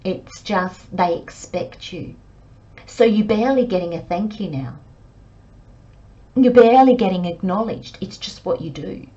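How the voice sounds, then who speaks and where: A woman's voice: medium pitch, animated, a little slow, dark tone, lo-fi sound. A woman giving a channelled tarot reading, talking earnestly and emphatically straight to the listener. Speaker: tarot reader.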